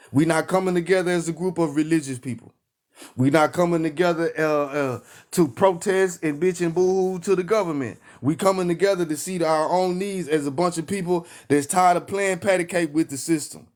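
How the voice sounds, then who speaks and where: Fiery Texan man preaching. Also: on the high side. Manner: emphatic, repetitive call-and-response. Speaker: online preacher. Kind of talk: fiery live-stream preaching.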